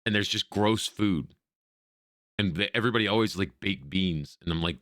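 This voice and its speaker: Man, gaming streamer, sarcastic, slangy, profane, lowish voice, dry close sound. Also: normal speed, fairly bright tone, dry recording. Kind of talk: let's play commentary.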